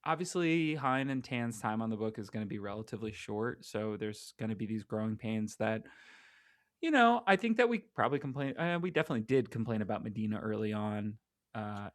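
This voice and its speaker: A man co-hosting a casual podcast, rambling and halting with heavy use of "like". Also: fairly low pitch, dry recording, clean studio sound. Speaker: podcast co-host. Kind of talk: casual chat about comics.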